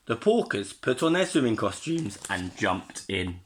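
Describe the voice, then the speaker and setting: A male primary school teacher reading a storybook aloud to his pupils in an expressive way. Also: fairly low pitch, measured pace, a little hiss or hum.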